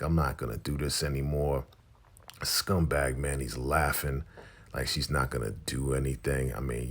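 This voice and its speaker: A man hosting a casual TV episode recap, retelling scenes in an animated, chatty way. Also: very deep voice, vocal fry, breathy edge. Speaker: TV recap host.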